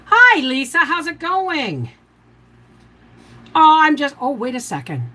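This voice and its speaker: A woman's voice: high voice, huge pitch swings, slow, sharp tone, rough recording. An older woman hosting a casual homestead livestream, rambling and chatty as she walks viewers through canning steps. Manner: rambling, chatty, giving step-by-step canning instructions. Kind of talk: casual live-stream chat.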